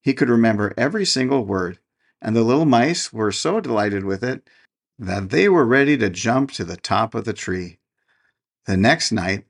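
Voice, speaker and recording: A man reading a fairy tale aloud as a podcast host, in measured storybook narration. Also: lowish voice, creaky, husky.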